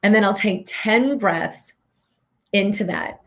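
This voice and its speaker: A woman's voice: mid-range voice, slow. A middle-aged woman giving an earnest, reflective talk as a wellness coach, guiding listeners with questions.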